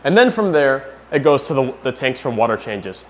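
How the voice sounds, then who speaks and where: A man's voice: mid-range voice, sing-song, moderate pace, few pauses. A young man from New Hampshire chatting to camera in a casual home vlog, joking as he works. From New Hampshire, USA. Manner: chatty, jokey, talks to camera while working. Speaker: fish-keeping vlogger. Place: home basement and rooms.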